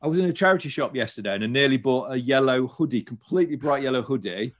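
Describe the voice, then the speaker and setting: British guy on a podcast, chatty and excited, kinda rambly, audio a bit muffled. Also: medium pitch, fast talker. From Britain. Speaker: podcast co-host. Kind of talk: casual chat.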